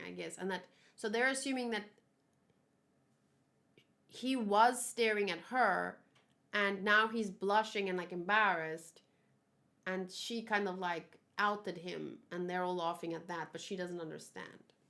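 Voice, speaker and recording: A woman's voice: medium pitch, measured pace, creaky, a bit bright. A woman hosting a casual manga read-along, chatting and musing over the pages as she reads the characters' lines aloud.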